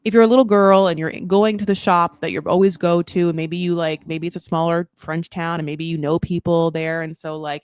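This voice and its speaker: A woman hosting a casual recap commentary, chatty and full of fillers, swearing freely and acting out quotes in high mock voices. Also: steady tone, fairly quick, hardly any pauses, clear, resonant tone, no room sound, studio quality. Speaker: recap show host.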